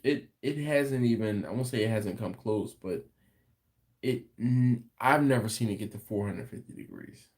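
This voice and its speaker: A man's voice: medium pitch, darkish tone. An American man hosting a live barbecue stream, chatting casually and answering viewer comments with lots of fillers and restarts. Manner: slow, laid-back storytelling with frequent fillers and restarts. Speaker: host of a barbecue livestream. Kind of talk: casual livestream chat reading viewer comments.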